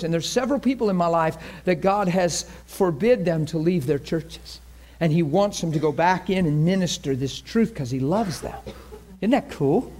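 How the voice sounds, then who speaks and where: A man teaching a class on faith healing in a lively, conversational way, often acting out what people say and pray. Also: high-pitched. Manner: animated, acts out quoted prayers and voices. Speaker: ministry teacher.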